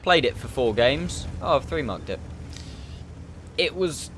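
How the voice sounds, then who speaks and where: A man's voice: mid-range voice, a little slow, a little hiss or hum. Laid-back man commenting gameplay. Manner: relaxed, rambling, frequent restarts and yawns. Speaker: gaming YouTuber.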